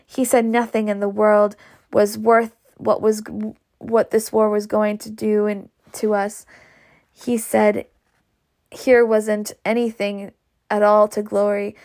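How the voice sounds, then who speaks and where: A woman voicing a gentle, earnest young Southern lady who stumbles over her words. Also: mid-range voice, level tone, takes it slowly.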